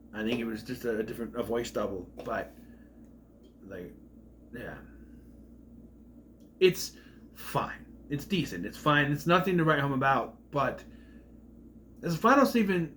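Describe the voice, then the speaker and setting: A man's voice: fairly high pitch, a bit bright, a little hiss or hum. A man rambling through an opinionated casual review vlog, often trailing off mid-thought. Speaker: TV series reviewer.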